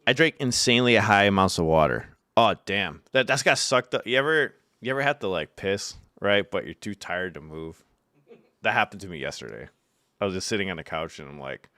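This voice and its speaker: A man's voice: low voice, lively intonation, a little fast, pushed and bright, no room sound, studio quality. A young man from upstate New York chatting casually with his live chat from home, reading out messages and telling loose, profane stories with bursts of laughter. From Syracuse, New York. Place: home room.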